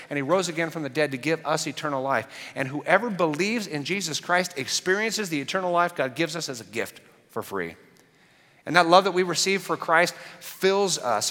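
A man's voice: on the high side, sharp tone, long reverb tail. A man preaching a sermon as a pastor, earnest and conversational with touches of humor.

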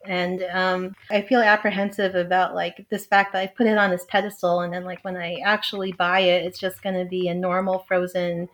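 A woman's voice: fairly low pitch, flat delivery, normal speed, hardly any pauses, a bit bright. A young adult woman, a guest on a podcast, talking casually and hesitantly, full of fillers and laughs. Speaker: astrologer guest. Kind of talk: casual chat.

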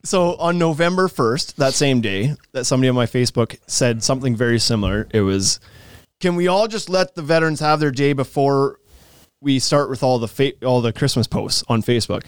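A man's voice: medium pitch, fairly quick, smooth, no echo, studio quality. A man hosting a podcast in casual chat, joking and ranting with a laugh. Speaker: podcast host.

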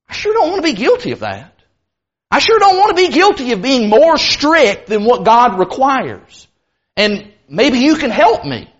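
A man preaching a sermon, earnest and emphatic, slowing down hard to stress key words. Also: extremely high pitch, a bit bright. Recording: muffled lo-fi recording.

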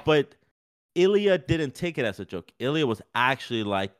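A man co-hosting a podcast, talking in a rambling, animated, casual way with many fillers. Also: medium pitch, moderate pace, clear, resonant tone. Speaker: podcast co-host. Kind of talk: casual sports chat.

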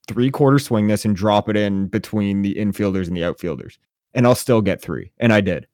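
A man co-hosting a casual sports podcast, telling animated, profane stories and venting with gusto. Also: lowish voice, a little fast, no echo, studio quality. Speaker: podcast co-host.

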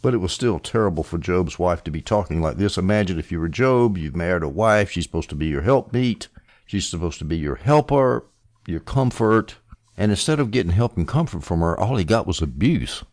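Lively deep-voiced preacher. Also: male voice, fairly quick. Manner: animated, sarcastic asides, swings between loud and hushed. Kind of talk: expository Bible teaching.

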